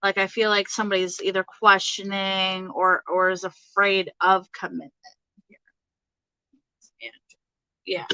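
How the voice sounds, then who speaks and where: A woman's voice: mid-range voice, level tone, a little slow, long pauses, bright, forceful tone, smooth, dry recording, highs cut off. A young woman giving a casual, chatty tarot reading, giggling often and speaking straight to her viewers. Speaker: tarot reader.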